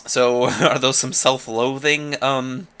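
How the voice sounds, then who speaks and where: A man casually commenting while playing a game, thinking out loud with chatty asides. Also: mid-range voice, steady tone, takes it slowly, smooth. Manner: chatty, thinking aloud with fillers and laughs. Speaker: let's play host.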